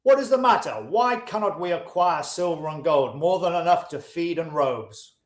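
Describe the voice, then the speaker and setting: A man reading the part of a poor, wistful lyre player, speaking measured old-fashioned English. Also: fairly high pitch, lively intonation, natural voice. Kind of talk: audiobook-style reading of a classic. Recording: roomy echo.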